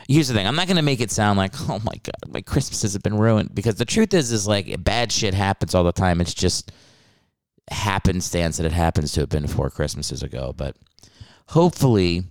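Deep-voiced man rambling on a podcast. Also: clear, resonant tone, dry recording, clean studio sound. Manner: rambling, jokey and profane. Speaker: podcast host. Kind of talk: casual solo podcast chat.

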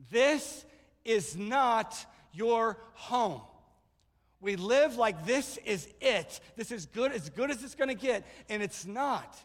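A man preaching a sermon as pastor, telling stories, now proclaiming loudly, now retelling quietly. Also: very high voice. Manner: storytelling preacher, swings from loud proclaiming to hushed retelling. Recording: long hall reverb.

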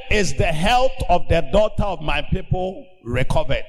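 A man preaching a sermon as pastor, emphatic and slow, breaking into shouted commands for healing. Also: high-pitched, very animated, big-room sound.

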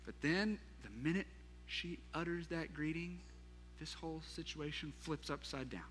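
A pastor preaching a sermon, retelling a scripture story in a lively way with asides to the congregation. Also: male voice, fairly high pitch, moderate pace, big-room sound, soft background music.

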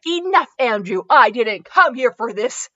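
A woman's voice: fairly high pitch, expressive, measured pace, fairly bright tone, dry recording, lo-fi sound. A woman reading aloud as a defensive, tearful young woman in a fanfiction story. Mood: upset. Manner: read aloud from fanfiction, wry.

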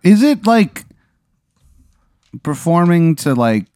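A man playing along in a casual improvised story, giving short, deadpan replies. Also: a little high, takes it slowly, no room sound, studio quality. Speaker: player in an improv bit. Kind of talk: casual improvised role-play.

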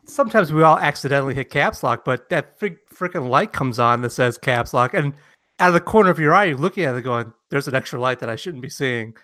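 Male podcast co-host, bright slightly high voice, animated storyteller, dry close mic. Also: a little fast, no room sound. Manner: animated storyteller, acts out quotes loudly. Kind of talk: casual chat.

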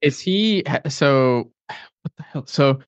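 A man's voice: medium pitch, expressive, takes it slowly, no room sound, highs cut off. A man co-hosting a podcast, reading policy facts and adding incredulous asides. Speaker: podcast co-host.

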